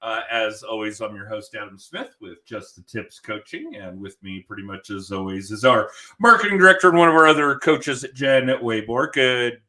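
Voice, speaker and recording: A man's voice: fairly low pitch, very animated, moderate pace, hardly any pauses, bright, forceful tone. A man hosting a podcast over a video call, talking in a loose, jokey, chatty way and laughing often. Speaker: podcast host and sales coach. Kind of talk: casual chat.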